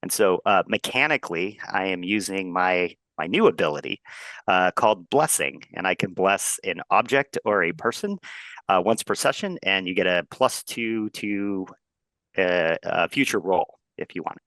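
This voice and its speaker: A man's voice: sits low, animated, moderate pace, a bit bright, dry recording. A man playing a tabletop role-playing game, talking in a rambling way full of fillers. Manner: rambling, many fillers and restarts. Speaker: player. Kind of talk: tabletop role-play chat.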